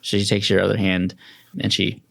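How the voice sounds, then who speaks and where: A man narrating a tabletop role-play as game master. He talks in a low, gravelly voice, casual and loose, with lots of fillers. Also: completely flat delivery, normal speed, a bit bright.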